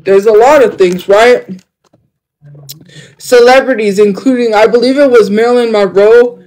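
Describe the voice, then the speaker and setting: A man's voice: extremely high pitch, measured pace, darkish tone, rough recording. A young man chatting casually on a livestream. He rambles, jumps between topics and fills his talk with fillers.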